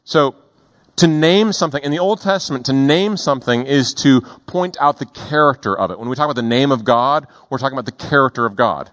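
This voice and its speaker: A male pastor preaching a sermon in a deliberate, emphatic way, slowing down on key words. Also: medium pitch, a bit bright.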